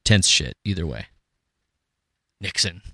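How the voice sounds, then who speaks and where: Bright-voiced man rambling on a podcast. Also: deep voice, expressive, slow pace, vocal fry, husky, no room sound, studio quality. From Minnesota. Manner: rambling, restarts, acts out quoted voices. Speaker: podcast host. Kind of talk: casual chat.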